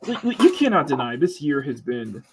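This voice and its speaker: A man's voice: medium pitch, big pitch swings, normal speed, darkish tone, a little hiss or hum. A man hosting a casual live stream chat, joking, laughing often and restarting his sentences. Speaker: host.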